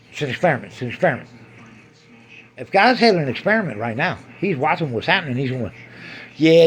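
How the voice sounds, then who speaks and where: A man in a crude, rambling rant, swearing heavily and drifting between asides. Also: on the high side. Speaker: monologuist.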